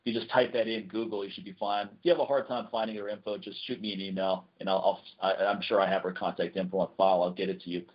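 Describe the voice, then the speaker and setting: Male podcast co-host, husky tone, casual and earnest, muffled lo-fi audio. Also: low-pitched, fast talker, few pauses. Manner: relaxed, earnest recommending, frequent restarts. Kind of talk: casual chat.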